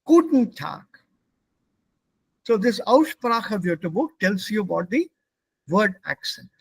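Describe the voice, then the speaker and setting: Indian guy teaching german sounds, high voice, totally dry no room sound, repeats stuff slowly. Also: lively intonation, gravelly, fairly bright tone, slightly rough, dry recording, poor audio. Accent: Indian English. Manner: patient, repeats words slowly for students. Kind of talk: online class teaching pronunciation.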